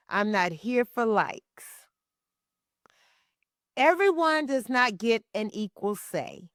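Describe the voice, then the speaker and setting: A woman's voice: a little high, no room sound, clean studio sound. Frank woman giving care advice. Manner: frank, conversational, asks rhetorical questions and adds "okay?". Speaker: podcast host and caregiving advisor. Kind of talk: direct advice talk answering a listener letter. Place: Texas.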